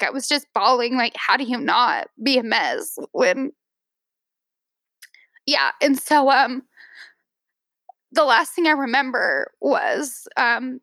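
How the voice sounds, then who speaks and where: As a podcast guest, a woman in her thirties tells an emotional personal story, teary and halting, restarting often and using many fillers. Her voice is on the high side with a sharp tone, and the recording is dry.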